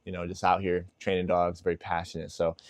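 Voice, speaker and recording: Low-voiced man giving casual dog-training tips. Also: completely flat delivery, a little fast, no room sound. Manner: casual, filler-heavy, with lots of "like" and "you know". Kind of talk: casual instructional talk.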